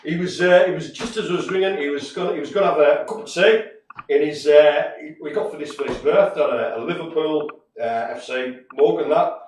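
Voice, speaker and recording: A man's voice: a little high, a little fast, darkish tone. A man co-hosting a live stream, chatting in a jokey, rambling way with many fillers. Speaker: co-host giving shout-outs. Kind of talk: casual live-stream chat. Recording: echoey room, distant mic, faint noise.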